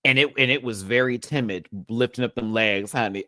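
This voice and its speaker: A man hosting a casual live review, campy and sassy, laughing often and swinging his pitch wildly. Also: a little fast, bright, forceful tone, no room sound, clean studio sound. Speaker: show host, reality TV reviewer.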